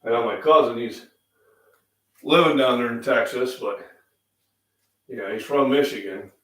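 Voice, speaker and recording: Feeling a bit sick, this middle-aged Illinois fitness host coughs and clears his throat while chatting over breakfast on a casual live stream, full of fillers, in a Midwestern accent. His voice is mid-range, unhurried and a little bright, picked up by a far-off mic in an echoey room.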